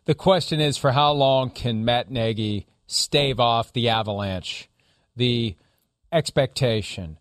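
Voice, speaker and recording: A man hosting a studio sports talk show, steering the talk with measured segues between topics. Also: medium pitch, dry recording. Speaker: host.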